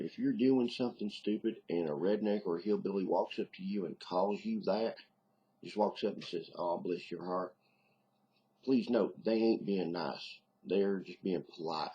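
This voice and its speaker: A man's voice: deep voice, normal speed, mellow, slightly rough, dull audio. A middle-aged man with a Southern US accent, rambling in a casual video diary with lots of ums. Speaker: video diarist. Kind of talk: casual vlog monologue.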